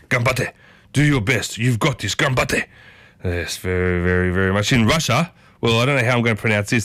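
A man's voice: fairly high pitch, a bit bright, dry recording. A man hosting a community radio show, chatty and enthusiastic, often repeating himself. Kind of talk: casual radio chat. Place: radio studio.

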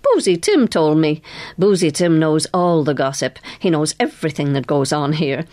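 A woman's voice: sits low, animated, normal speed, warm tone. A woman narrator voicing a brassy, friendly, gossipy young woman in a raised voice.

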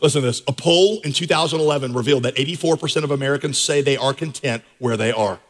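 A male pastor preaching a sermon, direct and conversational, with emphatic surges in pitch. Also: quick pace, hardly any pauses.

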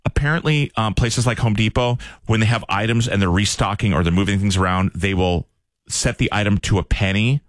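A man's voice: lowish voice, fairly quick, dry recording, studio quality. A man hosting a morning radio call-in show, chatty and joking with callers.

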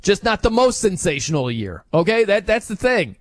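Animated man ranting about sports. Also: high voice, moderate pace, no room sound, clean studio sound. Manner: animated, incredulous, ranting with laughs. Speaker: sports talk host. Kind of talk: opinionated sports talk.

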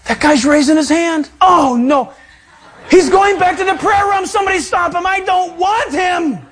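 A preacher putting on a panicky, fretting god. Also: male voice, normal speed. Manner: high, shouted, half-laughing protest. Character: panicky, fretting male deity, caricatured.

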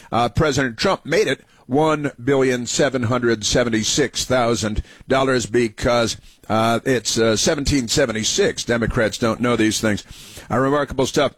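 A man's voice: medium pitch, husky, no echo. A man hosting a call-in radio show, talking in a rambling, opinionated monologue full of fillers and repeated phrases. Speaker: radio talk show host.

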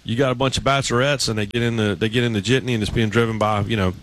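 A man's voice: lowish voice, fairly even intonation, rapid-fire, a bit bright, dry recording. A man co-hosting a radio show, chatting casually and telling stories with many restarts. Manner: rambling, storytelling with many restarts.

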